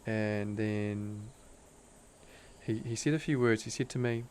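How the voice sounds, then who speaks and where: A man's voice: on the low side, fairly even intonation, slow, a little mellow, slight background noise. A young man, a podcast guest, telling a personal story in an earnest, intense way, full of "like" fillers. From Australia. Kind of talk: casual storytelling interview.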